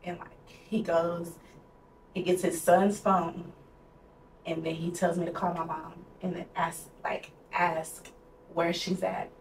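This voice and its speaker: Speaking slowly in a low, level voice, this young woman co-hosts a podcast and tells a personal story, candid and conversational, leaning hard on the word "like." She's a young adult, picked up by a distant mic in a room with noticeable echo and faint noise.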